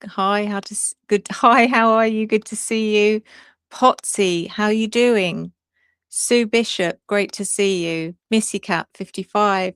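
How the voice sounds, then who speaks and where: A woman tarot reader hosting a casual live stream, chatty and excitable, laughing often and greeting viewers by name. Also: mid-range voice, clean tone, no echo, clean studio sound.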